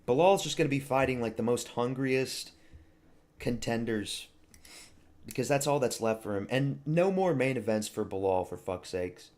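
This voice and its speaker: A man's voice: medium pitch, lively intonation, moderate pace, darkish tone. A young man from Canada chatting casually on a live stream, rambling and crude, mocking fighters and talking to his chat.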